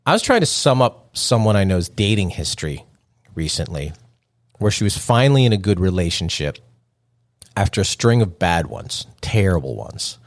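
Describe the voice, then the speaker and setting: A man hosting a podcast, talking alone in a joking, conversational way and chuckling at his own lines. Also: on the low side. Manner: joking, conversational, self-amused. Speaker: podcast host. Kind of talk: solo podcast monologue.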